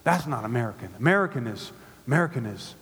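Preacher guy, husky, rising and dropping his voice, echoey big hall. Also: medium pitch, lively intonation, fast. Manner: call-and-response preaching, swings from hushed to loud. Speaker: pastor. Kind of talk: sermon. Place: synagogue hall used by a church. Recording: long reverb of a large hall.

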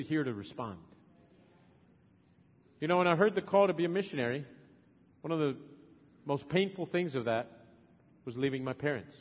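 High-voiced man preaching in an echoing hall. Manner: emphatic, swinging from loud urging to soft tender asides. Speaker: preacher and missionary. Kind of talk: sermon. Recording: long hall reverb, dull lo-fi sound.

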